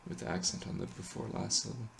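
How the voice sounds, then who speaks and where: A man explaining a chant melody in a relaxed, halting way, pausing often with fillers and correcting himself. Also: fairly low pitch, creaky, a little hiss or hum. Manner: hesitant, many ums and self-corrections. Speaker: chant teacher. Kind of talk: casual explanation with sung chant examples.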